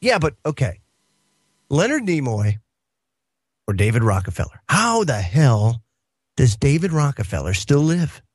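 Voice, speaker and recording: A man hosting a talk radio show, in casual, animated banter with his co-hosts. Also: mid-range voice, normal speed, long pauses, no room sound, clean studio sound. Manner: animated, exclaiming, laughs easily.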